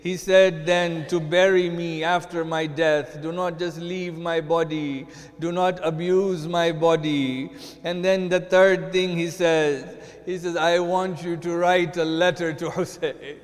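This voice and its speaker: A man preaching as a sheikh narrates a mournful story in a slightly high, level voice at a somewhat slow pace. His sermon rises into a chanted lament, with long hall reverb on the recording.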